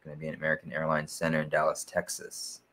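Deep-voiced man walking through numbers. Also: quick pace, a little hiss or hum. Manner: steady, methodical, with frequent "uh" fillers. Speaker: sports picks channel host. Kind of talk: casual explanatory video walkthrough.

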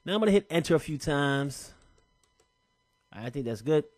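Man, software tutorial, casual and chatty, slangy, fairly high voice, dry close sound. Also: normal speed, no echo. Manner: relaxed, chatty, slangy step-by-step explaining. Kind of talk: casual screen-recorded tutorial.

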